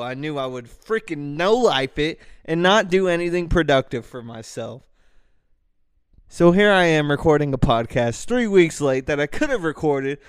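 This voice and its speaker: A man with a smooth voice on the high side hosts a solo podcast, rambling casually into a microphone held close to his mouth. He swears freely and breaks into rants, and the recording is dry.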